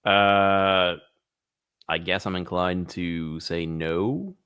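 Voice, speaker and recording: Deep-voiced laid-back podcast guy. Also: fairly bright tone, clean tone. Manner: slow, laid-back, says dude. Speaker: podcast co-host. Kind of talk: casual comedy podcast chat.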